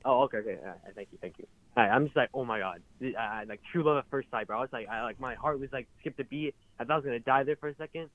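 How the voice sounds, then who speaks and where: A man's voice: mid-range voice, racing. A male caller telling his story in a hesitant, stammering way, often apologizing. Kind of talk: phone-in chat. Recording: tinny phone line.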